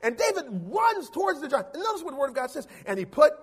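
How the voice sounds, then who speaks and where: A male pastor, preaching a lively sermon in a church, calling for amens and acting out voices. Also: very high-pitched, quick pace. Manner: animated preaching, calls for amens, acts out quotes.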